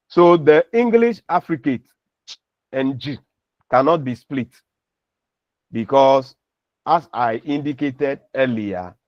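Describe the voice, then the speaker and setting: A man's voice: mid-range voice, dry recording. A man lecturing on phonetics, patiently explaining and repeating example words. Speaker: university lecturer. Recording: dull lo-fi recording.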